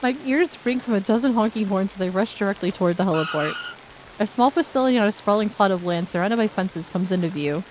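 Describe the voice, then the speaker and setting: A woman's voice: medium pitch, fast, background noise. Woman streamer reading a story aloud. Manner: steady narration broken by candid asides.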